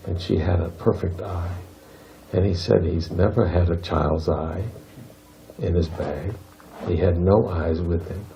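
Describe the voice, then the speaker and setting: Deep gravelly man telling a story. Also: slight background noise. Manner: earnest, circling back to repeat key points. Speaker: spiritual talk leader. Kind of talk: informal storytelling at a spiritual gathering. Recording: lo-fi dull recording.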